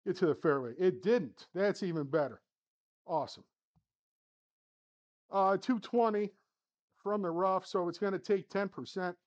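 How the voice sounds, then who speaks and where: A man's voice: high-pitched, measured pace, long pauses, dull audio. A man hosting a sim golf channel, talking through his own round shot by shot, muttering to himself and swinging between flustered and upbeat. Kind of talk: casual play-by-play commentary. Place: home golf simulator studio.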